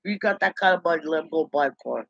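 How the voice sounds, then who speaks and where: A man's voice: a little high, lively intonation, fast, gravelly, fairly bright tone, no echo. A man in a rambling, indignant gossip monologue, talking to himself. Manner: chatty, indignant, talks to himself. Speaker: vlogger. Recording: dull lo-fi dry recording.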